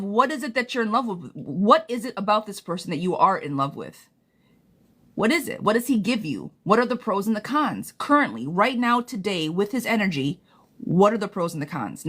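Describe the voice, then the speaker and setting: A woman giving a live-stream tarot reading, talking straight to her viewers with blunt, profane, impassioned advice. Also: medium pitch. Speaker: tarot reader.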